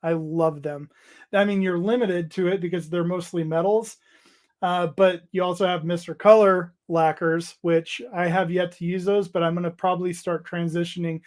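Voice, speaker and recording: A high male voice with fairly even intonation and a darkish tone belongs to a livestream host. He chats loosely on a casual hobby stream, rambling, hesitating, reading comments from chat and trailing off to restart.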